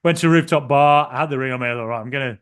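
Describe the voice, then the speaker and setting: A man's voice: fairly high pitch, racing, clean tone. A young man co-hosting a casual podcast, telling a long story in a rambling way with frequent ums and restarts. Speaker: podcast co-host.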